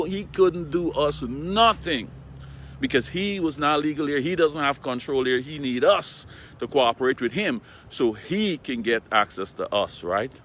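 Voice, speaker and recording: A man's voice: mid-range voice, bright, forceful tone, a little hiss or hum. A man giving a casual morning Bible talk, retelling scripture in plain everyday words and often asking his listeners "right?". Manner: conversational, checks in with "right?". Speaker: preacher. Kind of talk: morning devotional Bible teaching.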